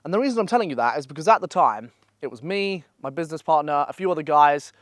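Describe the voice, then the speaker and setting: A young man gives blunt, profane, energetic motivational advice in a casual vlog, speaking at a holiday villa. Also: on the high side, fast, no room sound, studio quality. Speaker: online business coach.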